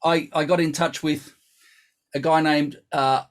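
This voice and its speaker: Sex: man. Pitch: a little higher than most men. Role: brass teacher, live online lesson. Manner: chatty and instructive. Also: flat delivery, unhurried. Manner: chatty, instructive, thinks aloud.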